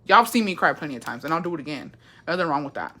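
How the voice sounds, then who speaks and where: Young woman livestream host, sassy, profane, animated, bright edgy voice. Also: low-pitched, very fast. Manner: animated, profane, sassy, reads chat aloud. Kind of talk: casual livestream chat.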